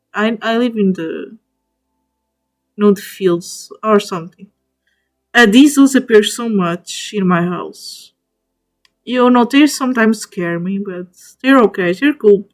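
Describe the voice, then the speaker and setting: A woman streamer chatting casually to viewers, gushing over each animal she ranks and talking to them directly, often stopping and restarting mid-word. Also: on the high side. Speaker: streamer ranking spiders in a tier list.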